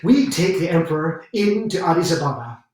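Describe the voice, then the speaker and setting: A man's voice: a little high, sing-song, moderate pace, a little mellow. An actor playing a young American newsman who speaks hesitantly and deferentially and keeps calling his superior "sir". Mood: eager. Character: eager American newsman, young man, scheming. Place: theater stage. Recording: echoey stage from far off.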